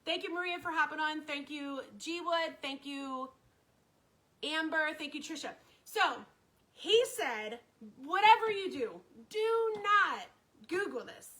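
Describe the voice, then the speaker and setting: A woman's voice: sits high, unhurried, pushed and bright, rough recording. A woman telling a story on her live stream, chatty and repetitive, greeting viewers by name as she talks.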